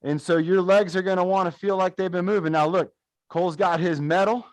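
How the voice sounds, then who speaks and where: A man coaching viewers through a gentle follow-along workout while narrating footage of a race, upbeat and encouraging. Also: high-pitched, steady tone, brisk, dry recording. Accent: American. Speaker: fitness coach.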